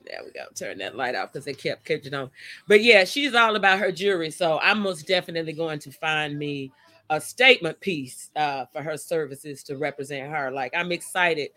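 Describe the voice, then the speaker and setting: Chatty woman host with a bright voice. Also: low-pitched, expressive, moderate pace. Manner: chatty and emotional, talks straight to her viewers. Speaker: live show host. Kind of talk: casual live-stream chat. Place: outdoors by a motion-sensor light in the wind.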